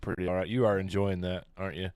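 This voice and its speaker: Chill dude reading history trivia on a podcast, lowish voice, dry mic. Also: male voice, level tone, fast, darkish tone, no echo. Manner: laid-back, crude, laughs often. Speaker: podcast co-host. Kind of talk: casual podcast chat reading history facts.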